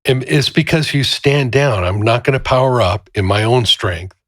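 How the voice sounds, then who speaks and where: A man's voice: medium pitch, moderate pace. A man with an ordinary mid-range voice tells stories with energy and lots of animation. His podcast sound is dry and close, with no room echo. He talks in an easy, casual way. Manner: animated storyteller, acts out quotes loudly. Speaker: podcast co-host. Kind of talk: casual chat with storytelling.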